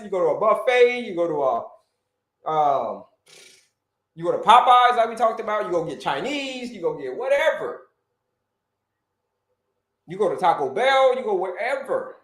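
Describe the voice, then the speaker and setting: A high-voiced man coaching viewers on a casual live stream, talking with energy and circling back over the same points. He grew up in Florida and keeps calling out to his audience. The sound bounces around an echoey room. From Orlando, Florida. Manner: energetic, repetitive, calls out to viewers. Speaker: health coach and livestream host.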